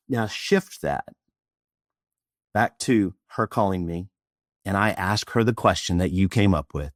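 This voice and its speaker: Speaking a little slowly in a fairly low voice, a middle-aged presentation coach from Austin, Texas shares a story during an interview. He's animated and acts out bits of dialogue, and the sound is clean studio audio with no room sound.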